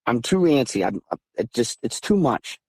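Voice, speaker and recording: Phoning in as an interview guest, a thirtysomething man from southeastern Massachusetts retells his encounters with animated emphasis, pitch rising as he relives the tense moments. His ordinary mid-range voice is husky and moves at a moderate pace, and the sound is dry and close with no echo.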